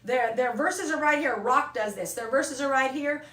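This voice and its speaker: A woman's voice: high voice, moderate pace, hardly any pauses, fairly bright tone, echoey room, distant mic. A woman voice coach teaching an online singing lesson, talking casually and checking in with "okay?" and "all right?" between points.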